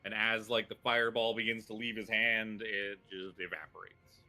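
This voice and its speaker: A man's voice: on the low side, flat delivery, normal speed, sharp tone. A man narrating as game master, rambling loosely with frequent ums and chuckles.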